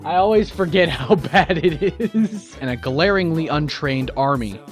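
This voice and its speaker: A man hosting a gaming video, commenting on strategy gameplay in an excitable, jokey, self-mocking way. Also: a little high, moderate pace, soft background music. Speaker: gaming channel host.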